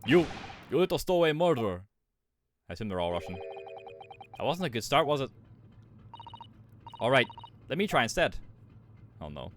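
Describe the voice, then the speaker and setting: A man's voice: medium pitch, big pitch swings, normal speed, long pauses, a bit bright. Guy streaming a game, reading lines out, swears and jokes, faint noise in the back. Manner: casual, laughs, swears, wry asides. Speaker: streamer reading a visual novel. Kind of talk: playing a game live, reading dialogue aloud.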